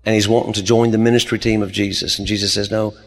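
A man's voice: fairly low pitch, level tone, fast talker. A man, preaching a sermon as pastor and telling stories with rising emphasis. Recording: long hall reverb.

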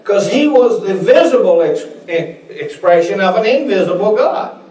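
A man's voice: sits high, animated, moderate pace, a little mellow. A man preaching a sermon and telling folksy stories, acting out the voices of the people in them. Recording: echoey room, voice picked up from a distance.

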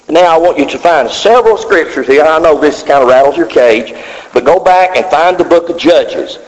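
A man preaches with a high voice that leaps across a wide range. He drops to near-murmurs, then climbs to shouted cries. The recording is dull and muffled, with a long hall echo. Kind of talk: sermon.

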